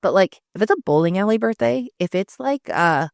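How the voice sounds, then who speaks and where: A woman's voice: mid-range voice, animated, a little fast, gravelly, no echo, studio quality. A woman co-hosting a podcast, telling rambling everyday stories in casual chat and swearing freely. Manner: swears often, rambling storytelling. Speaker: podcast co-host.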